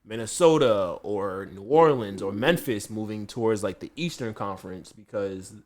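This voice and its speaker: A man hosting a casual podcast, an animated storyteller who laughs often. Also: on the low side, moderate pace. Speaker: podcast host and chef.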